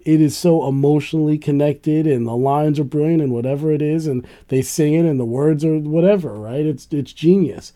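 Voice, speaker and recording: A man in casual conversation, rambling and animated, laughing often and swearing now and then. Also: on the high side, moderate pace, few pauses. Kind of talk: casual chat.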